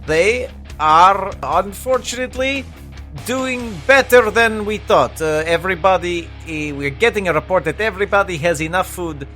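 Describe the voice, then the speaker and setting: A man's voice: medium pitch, moderate pace, sharp tone, faint music behind. A man voicing a Soviet radio operator who poses as an American host, speaking in exaggerated broken English with a boastful announcer delivery. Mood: mock-announcer.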